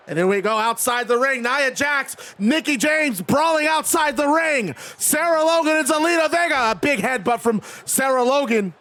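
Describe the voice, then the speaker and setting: A man with a high, cracking voice calls wrestling game action play-by-play from his streaming desk. He is excitable and chatty, and he keeps breaking off to talk to his live chat. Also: normal speed, few pauses. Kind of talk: play-by-play commentary.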